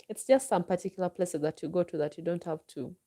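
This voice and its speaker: A woman's voice: on the low side, fast talker, warm tone. A Ugandan woman vlogger with a Ugandan accent, chatting unhurriedly as she answers viewer comments and gives advice. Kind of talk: live stream chat, answering viewer comments.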